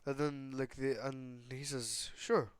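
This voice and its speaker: A man's voice: medium pitch, measured pace, clear, resonant tone, no room sound. A young man casually retelling a made-up story, rambling with lots of fillers and casual swearing.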